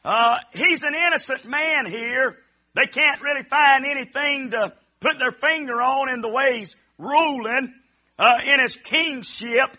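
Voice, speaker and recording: A man preaching an impassioned sermon, pleading fervently and rising into shouted cries. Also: very high voice, a little slow.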